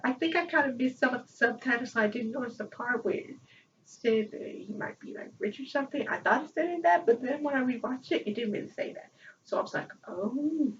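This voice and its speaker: A woman chatting casually as a vlogger, excitable and rambling, often breaking into laughter. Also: on the high side, brisk. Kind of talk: casual chat. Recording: distant, dull lo-fi mic with faint noise.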